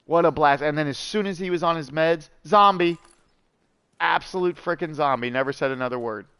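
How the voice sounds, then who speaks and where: Man, gaming streamer, rambling casual chat, smooth clear voice, dry close sound. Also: fairly high pitch, fairly quick, pushed and bright, no echo. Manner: rambling, chatty, lots of fillers and asides to chat. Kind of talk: casual storytelling while gaming.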